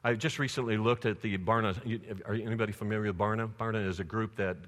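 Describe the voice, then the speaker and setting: A man preaching a sermon, lively and conversational, telling stories to his congregation. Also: fairly low pitch, fast talker. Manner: animated storytelling preacher. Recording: long church reverb.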